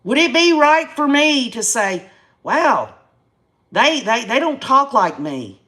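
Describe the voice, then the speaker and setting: Hosting a laid-back YouTube live stream, a fifty-something woman from Tennessee rants to her audience in a Southern accent and homespun country expressions. Her high voice swings widely in pitch, has a sharp tone, and moves slowly.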